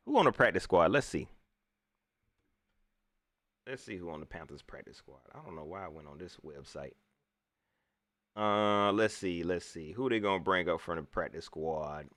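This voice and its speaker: Lively joking sports vlogger man. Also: deep voice, moderate pace, pauses often, no echo. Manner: animated, joking, slangy delivery. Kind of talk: casual livestream commentary.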